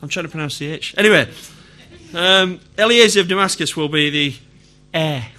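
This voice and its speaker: A man's voice: fairly high pitch, normal speed, pushed and bright. A middle-aged man with a Yorkshire accent preaching a sermon in a conversational way, putting questions to the congregation. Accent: Yorkshire English. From Yorkshire, England.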